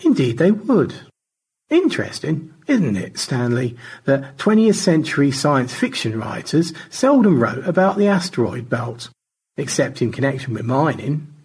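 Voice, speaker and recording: A man's voice: big pitch swings, a little slow, a little mellow, breathy edge, full character voice. A man voicing George, a pompous, languid old space adventurer who talks in grand, wordy phrases. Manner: grandiloquent, high and theatrical.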